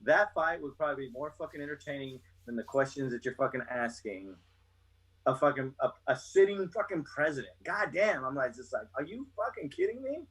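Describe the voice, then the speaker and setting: A man's voice: medium pitch, expressive, brisk, fairly bright tone, slightly rough, poor audio. A man in his fifties, a retired soldier and podcast guest, ranting bluntly with constant swearing. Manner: blunt, heavy swearing, fired-up rant. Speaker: guest, retired Army chief warrant officer. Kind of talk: casual podcast chat.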